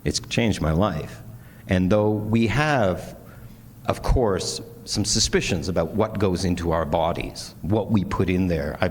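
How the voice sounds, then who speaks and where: A man's voice: deep voice, darkish tone. A man giving an earnest, candid conference speech with self-deprecating humor. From Canada. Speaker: conference speaker. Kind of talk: personal keynote speech. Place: large conference hall. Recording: long hall reverb, faint noise.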